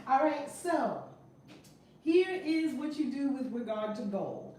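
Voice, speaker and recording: Woman, live-stream teacher, energetic, encouraging, repetitive, distant mic, faint background noise. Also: high voice, slow pace, very echoey. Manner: energetic, repetitive, encouraging, greets viewers by name. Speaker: teacher and host.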